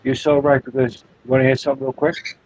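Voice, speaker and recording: A man's voice: medium pitch, little pitch movement, fast talker, darkish tone. A middle-aged man with a dad's viewpoint, agreeing readily and telling stories in casual chat. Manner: agreeable, backs up the other speaker, tells anecdotes. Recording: dry, dull lo-fi sound.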